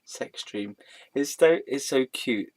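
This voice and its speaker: A man's voice: mid-range voice, lively intonation, takes it slowly. A man reading a web page aloud and mocking it, often breaking into laughter and mock-dramatic outbursts. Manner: giggly, keeps breaking into laughter.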